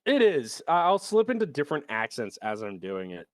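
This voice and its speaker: Animated, playful stream co-host. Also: medium pitch, normal speed, no room sound. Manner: animated, playful, laughs often. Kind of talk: casual chat.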